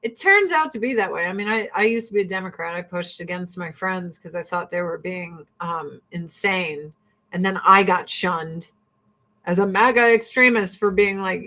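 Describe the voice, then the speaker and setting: A woman hosting a livestream, chatting casually in a blunt, profane, animated ranting way with frequent laughter. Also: lowish voice, moderate pace. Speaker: livestream host.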